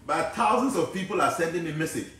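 A Ghanaian man holds forth in a preachy, digressive way, his voice pitched fairly high for a man. He sits well back from the microphone. Heavy room echo surrounds every word. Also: expressive, fast talker, pushed and bright, far from the mic. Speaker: spiritual teacher. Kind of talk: casual talk mixing English and Twi.

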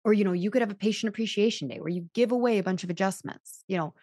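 A woman's voice: mid-range voice, racing, darkish tone, no room sound, studio quality. A woman chiropractor hosting a podcast, talking through business advice in a chatty, self-mocking way and acting out the voices she quotes. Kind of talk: casual advice talk.

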